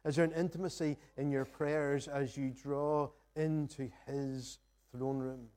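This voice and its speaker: Mellow-voiced man preaching a sermon. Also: mid-range voice, fairly even intonation, unhurried. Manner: earnest, reflective preaching with rhetorical questions. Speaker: pastor. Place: church sanctuary.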